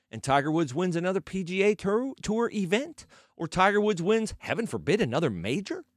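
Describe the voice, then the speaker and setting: A man's voice: high voice, a bit bright, no echo, studio quality. A man hosting sports talk, arguing his point with rhetorical questions and sarcastic emphasis. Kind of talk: opinionated sports commentary.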